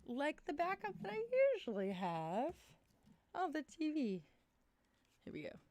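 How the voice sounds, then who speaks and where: A woman's voice: sits high, unhurried, no room sound. Tired, chatty woman livestreaming. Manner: chatty and excitable, jumps between topics. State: tired, losing her voice. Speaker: livestream host. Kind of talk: casual livestream chat. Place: small room at home.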